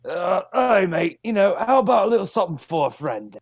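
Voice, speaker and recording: Dude doing a sly chummy rogue, slightly raised voice, dull dry mic. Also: male voice, high-pitched, big pitch swings, a little fast, no echo, pitched above the performer's own voice, heavily acted. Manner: sly, friendly haggling.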